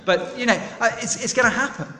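A man preaching a sermon, chatty and animated, polling his listeners for answers. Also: very high-pitched, fast. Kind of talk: sermon with audience participation. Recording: echoey hall, long reverb.

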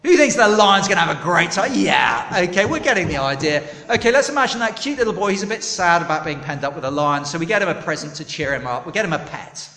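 A man's voice: high voice, fast, few pauses. Chatty man preaching in an echoey hall. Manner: chatty and animated, polling the room. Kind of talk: sermon with audience participation. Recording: echoey hall, long reverb.

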